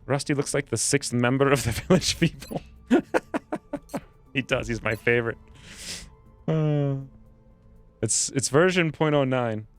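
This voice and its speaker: Male streamer with a crisp, clear voice: casual, self-mocking commentary while he plays. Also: medium pitch, measured pace, long pauses, faint music behind. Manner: joking, self-mocking, thinks aloud. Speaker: gaming streamer.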